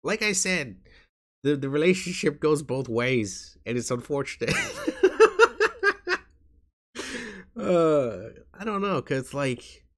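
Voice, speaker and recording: A man vlogging to his viewers in a soft, halting way, tired and in pain. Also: mid-range voice, animated. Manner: soft-spoken, halting, with frequent restarts. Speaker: YouTuber. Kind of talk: casual talk to camera.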